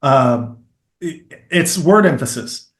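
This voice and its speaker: A middle-aged man with a Kentucky accent, a filmmaker and acting teacher, explaining his methods in a lively, demonstrative way as an interview guest. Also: on the high side, slow pace. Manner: animated, explains with demonstrations and repeated phrases. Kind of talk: conversational interview.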